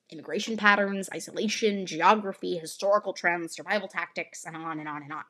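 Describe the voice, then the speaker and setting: A woman's voice: medium pitch, a bit bright, breathy edge. A woman from Northern California hosting a podcast, giving an earnest, explanatory scripted narration. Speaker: podcast host.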